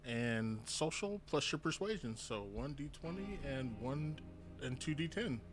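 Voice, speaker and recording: A man's voice: a little high, lively intonation, unhurried, over music. A man running a tabletop game as game master, talking in a rambling, hesitant way with many restarts. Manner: rambling, lots of uh fillers and restarts.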